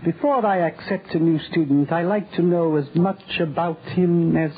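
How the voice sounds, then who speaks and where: An actor playing a sly, menacing schoolmaster villain in a 1940s radio drama, with a suave, mocking manner. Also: male voice, on the high side, moderate pace, slight background noise, close to an everyday voice. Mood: smooth. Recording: tinny old radio broadcast.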